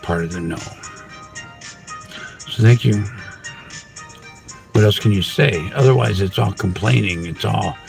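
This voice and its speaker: A man hosting his own channel, delivering a rambling spiritual monologue full of wordplay and rhymes, with sudden loud bursts. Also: lowish voice, unhurried, vocal fry, long pauses, soft background music. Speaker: channel host.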